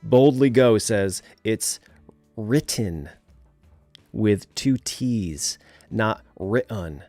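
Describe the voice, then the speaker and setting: A man with a New England accent hosts a relaxed, chatty livestream, reading viewer comments aloud, laughing often and using many fillers. His fairly low voice moves extremely slowly. Soft background music plays, and there's no echo.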